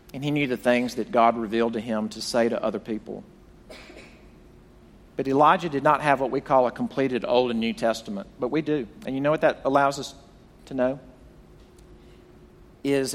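Preacher man in a reverberant hall. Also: medium pitch. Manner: dramatic retelling, acting out quoted voices. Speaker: pastor. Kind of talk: sermon.

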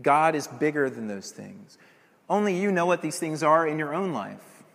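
A male preacher delivers an evening sermon with earnest emphasis, pressing home his points with rhetorical questions. His voice sits a little high for a man. A long reverb trails each phrase, as in a church hall. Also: big pitch swings, normal speed, vocal fry, fairly bright tone.

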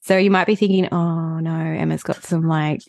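A woman's voice: sits low, steady tone, normal speed, creaky, darkish tone, dry recording, studio quality. A woman hosting a podcast, chatty and giggling often between points. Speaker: podcast host. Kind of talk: casual podcast chat.

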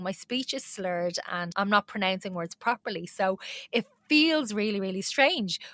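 An Irish woman talks through a personal story on her podcast, candid and animated, often laughing at herself. Her voice is bright and forward, and the recording is close and dry with no room sound. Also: medium pitch, no room sound. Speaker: podcast host.

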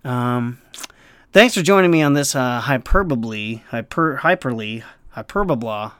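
A man's voice: mid-range voice, lively intonation, normal speed, fairly bright tone, clear, resonant tone, no room sound, studio quality. A man who works as a restaurant server, rambling through a casual story and acting out the people in it. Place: near Los Angeles.

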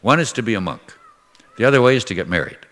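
A man's voice: lowish voice, lively intonation, quick pace, fairly bright tone, big-room sound. An older man, a priest from Minnesota, preaching in a folksy, conversational way and acting out the voices in his stories. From Minnesota, USA. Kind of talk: sermon with storytelling.

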